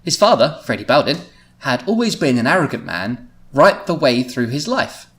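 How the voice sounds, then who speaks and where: Casting: male podcast host, giggly and animated, reading aloud with lots of laughs. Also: mid-range voice, normal speed. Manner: giggly, laughs often at his own writing. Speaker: podcast host reading his teenage writing. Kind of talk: comedic podcast read-through.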